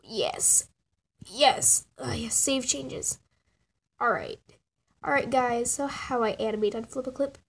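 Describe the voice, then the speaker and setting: It's a slow, creaky, fairly high woman's voice, with a little hiss or hum in the recording. The speaker is a teenage girl and channel owner casually narrating how she animates, rambling, laughing, and mocking her own drawings in a self-deprecating tutorial.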